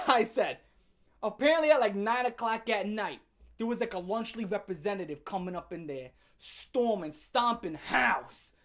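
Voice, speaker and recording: A woman hosting a comedic commentary rant, blunt and profane with heavy slang. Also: medium pitch. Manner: blunt, fast-shifting, heavy swearing and slang. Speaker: commentary channel host.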